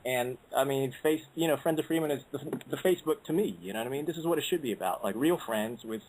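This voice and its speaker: Relaxed male regular on a call-in talk show, easygoing delivery. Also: mid-range voice, quick pace, slight background noise, rough recording. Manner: laid-back, laughs often, says "man". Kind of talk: casual call-in chat.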